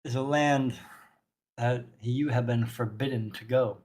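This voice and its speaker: A man voicing a stern, suspicious woman warrior in a tabletop game, with solemn measured speech and a shifting put-on accent. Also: medium pitch, steady tone, darkish tone, close to an everyday voice, low-quality recording.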